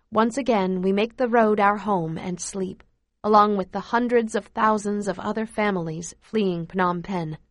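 A woman narrating a first-person story in a steady, measured reading voice. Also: medium pitch, dry recording, clean studio sound. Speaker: audiobook narrator.

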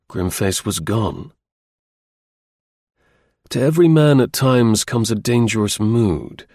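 The speaker is a male audiobook narrator whose lowish voice carries a novel's scripted narration at an even, deliberate pace. It is recorded dry in clean studio conditions.

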